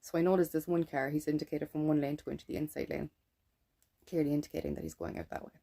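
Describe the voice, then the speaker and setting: A woman's voice: sits low, big pitch swings, fast talker, dark tone. An Irish woman in a blunt, ranting monologue to camera, swearing freely and keeping adding "right?" as she tells her story. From Ireland. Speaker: vlogger.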